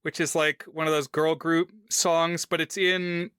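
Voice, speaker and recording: A man co-hosting a film podcast, asking discussion questions and reflecting on memories in casual, measured chat. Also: fairly high pitch, little pitch movement, fairly bright tone, smooth, no echo, studio quality. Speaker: podcast co-host.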